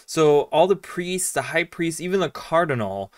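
A man's voice: on the high side, lively intonation, normal speed, no echo, clean studio sound, distant mic. A man giving casual commentary over a game, rambling with lots of fillers and reading lines aloud. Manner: rambling, filler-heavy, reads dialogue aloud. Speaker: streamer playing and commenting.

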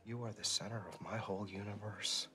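A man playing a remorseful husband, speaking softly and earnestly. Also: on the low side, steady tone, fairly quick, background noise, natural voice. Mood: pleading. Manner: soft, earnest pleading.

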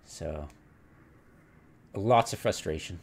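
A man casually commenting on a game replay, rambling and retelling his own reactions, with sudden excited exclamations. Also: sits low, takes it slowly, slightly rough. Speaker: gameplay commentator.

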